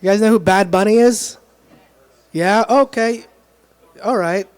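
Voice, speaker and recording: A young man works the room at an open mic in a small club, speaking into a handheld stage mic. His voice sits high for a man, and he ribs the crowd and himself as he goes. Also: measured pace, clear, resonant tone. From Dominican heritage, grew up in Texas area. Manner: self-deprecating, crowd-teasing punchlines. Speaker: stand-up comedian. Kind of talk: open mic stand-up comedy. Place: small live music club.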